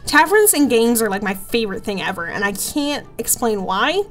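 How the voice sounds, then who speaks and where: A woman's voice: on the high side, very animated, normal speed, a bit bright, soft background music. A young woman gaming host chatting her way through a let's play, giggly and easily delighted.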